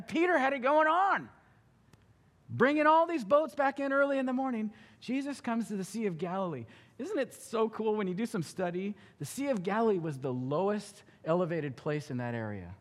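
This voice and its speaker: A male pastor preaching a sermon, telling the story with animated acting-out of characters. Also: high-pitched, in a large hall.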